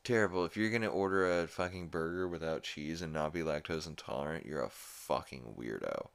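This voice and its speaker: A man's voice: a bass voice, brisk, gravelly. A man hosting a podcast, recapping a cartoon episode in a rambling, profane, laid-back way. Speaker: podcast host.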